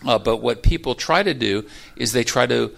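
Male author guest, gravelly, mid pitch, calm explainer. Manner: measured, explanatory, with fillers. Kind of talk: interview talk.

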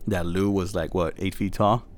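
A relaxed young man with a low-pitched voice co-hosts a podcast. He banters casually, curses freely and breaks into laughter. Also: moderate pace. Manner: laid-back, swears freely, laughs often. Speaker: podcast co-host.

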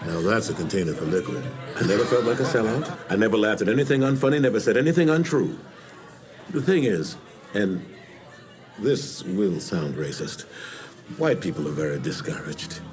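An actor playing a smooth, amused middle-aged man confessing a habit of flattering people, in a scripted TV comedy scene. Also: lowish voice, normal speed, crowd noise, natural voice. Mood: wry. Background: music.

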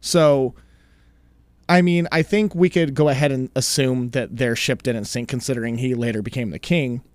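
A man's voice: mid-range voice, steady tone, moderate pace, a little mellow, no room sound. A man co-hosting a podcast, telling a story in a chatty, casual way and laughing easily. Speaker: podcast co-host.

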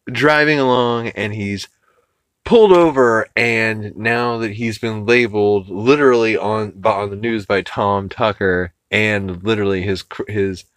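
A man's voice: on the low side, a bit bright, clean tone, no room sound. A man hosting a podcast who recaps a cartoon episode casually, rambling with fillers, swearing and chuckling. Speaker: podcast host.

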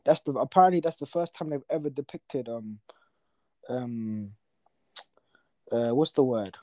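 A young man, co-hosting a casual podcast chat and telling animated stories full of slang. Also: medium pitch, measured pace, no room sound. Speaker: podcast co-host.

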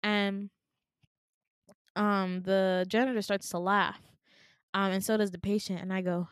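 A medium-pitched woman talks at a moderate pace in a clean studio recording free of room sound. As a podcast co-host chatting casually, she relates a dream and animatedly acts out its quotes with cursing and laughter.

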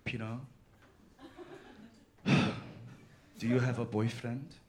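A man voicing his blunt, scolding Korean immigrant mother in broken, halting phrasing. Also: very deep voice, steady tone, pitched below the performer's own voice, exaggerated voice. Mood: hesitant.

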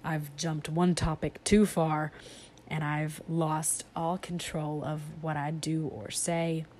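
A young woman talks through a rambling, self-deprecating comedy monologue for her podcast. She speaks slowly with a slightly low voice, drifting between topics and breaking into giggles. Faint background noise sits under her voice. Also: little pitch movement, a little mellow. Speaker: podcast host.

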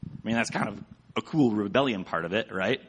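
A man's voice: on the low side, lively intonation, fairly quick, slight background noise. A man giving a casual sermon with slides, chatty and rambling, with many fillers. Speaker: church speaker.

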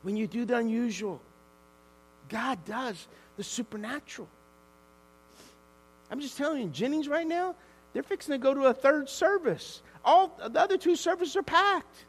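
A pastor, a man with a high voice, delivers a lively sermon that swings between quiet and shouted moments. His voice rings through a large church sanctuary with a long hall reverb and a faint mains hum underneath. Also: moderate pace, long pauses, husky. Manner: animated, swings from hushed to shouting.

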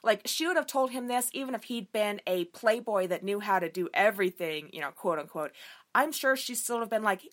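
A woman's voice: mid-range voice, animated, fairly quick. A young woman giving a casual book review, emphatic and enthusiastic, swearing freely as she gushes. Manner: emphatic, enthusiastic and frequently profane.

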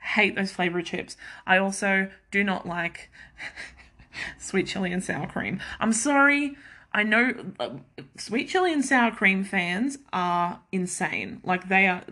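Young aussie woman rambling on her podcast, bright clear voice, pokes fun at herself a lot. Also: mid-range voice. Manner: chatty and self-mocking, quick asides, laughs often. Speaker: podcast host. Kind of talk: casual chat.

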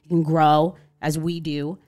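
Animated woman telling a personal story. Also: sits low, a little slow. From Connecticut, USA. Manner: animated storyteller, acts out quotes, frequent "you know" and "like". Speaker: podcast guest. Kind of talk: storytelling in a casual interview.

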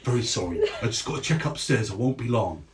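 A man's voice: medium pitch, expressive, fast, recorded from a distance, lightly acted. A man voicing a flustered, apologetic male guard who stammers in a tabletop game.

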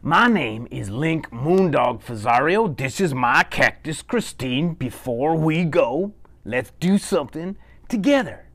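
A man telling a children's bedtime story, chatty and animated, with asides to his listeners. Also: fairly high pitch, slow pace.

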